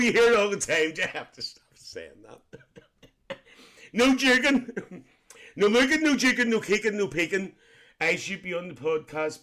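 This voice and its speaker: A man puts on a high, sharp, exaggerated voice to play a bawdy, cheeky auntie on a comedy live stream. Gossiping and giggling, he reads out comments with risqué jokes and squeals "lovely" among other exclamations.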